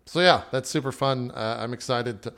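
A man's voice: medium pitch, normal speed, a bit bright. A man chatting casually about playing a tabletop game character, enthusiastic and rambling and laughing often. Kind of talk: casual podcast chat.

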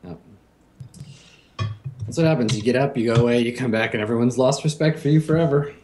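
A young man running a tabletop game as game master, talking casually and halting often with fillers. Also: medium pitch, darkish tone, a little hiss or hum.

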